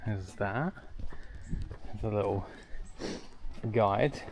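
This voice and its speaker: Low-voiced man chatting on a road trip. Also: drawn-out words, noisy background. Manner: chatty, rambling, jokey asides. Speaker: travel vlogger. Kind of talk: casual travel vlog narration. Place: outdoors at hilltop villages and viewpoints.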